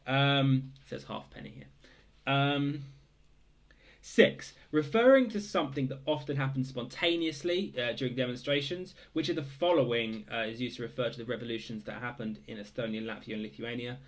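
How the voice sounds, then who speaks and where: A man's voice: mid-range voice, normal speed. A young man casually reading out quiz answers, hesitant, full of fillers, with dry joking asides. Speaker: quiz host.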